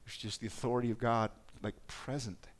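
A man's voice: mid-range voice, steady tone, a little fast, slight background noise. A man preaching a sermon, reading scripture aloud and reflecting on it in a conversational way. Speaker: pastor.

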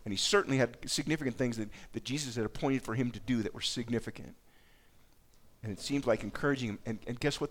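Man, pastor, sermon, earnest, emphatic, repeats phrases, middle pitch. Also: fairly quick.

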